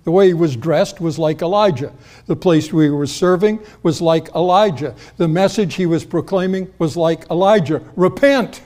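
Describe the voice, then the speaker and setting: A man's voice: on the high side, moderate pace, dark tone. A pastor preaching a sermon, teaching in a conversational way and speaking directly to his congregation.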